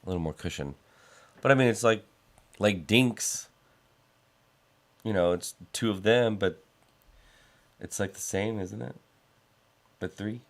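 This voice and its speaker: A man's voice: fairly low pitch, a little slow, pauses often. A man co-hosting a podcast, chatting in a laid-back way with dry remarks. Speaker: podcast co-host. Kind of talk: casual chat.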